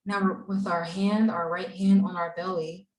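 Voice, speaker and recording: A woman leading a gentle guided breathing and mindfulness exercise for a group of children at a camp. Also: on the low side, little pitch movement. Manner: slow, gentle, soothing guidance. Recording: echoey room, voice from far off.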